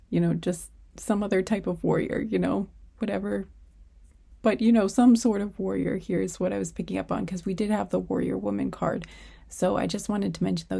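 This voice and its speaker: Hushed, hoarse woman reading tarot. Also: medium pitch. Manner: speaks very quietly, often slipping into a whisper. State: hoarse, voice nearly gone; tired. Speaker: tarot reader. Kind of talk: casual pick-a-card tarot reading. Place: dark room indoors.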